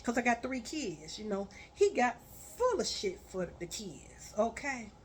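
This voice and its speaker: A woman telling a story on a vlog, blunt and profane, building to loud, forceful rants. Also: on the high side, very animated, unhurried, a little hiss or hum.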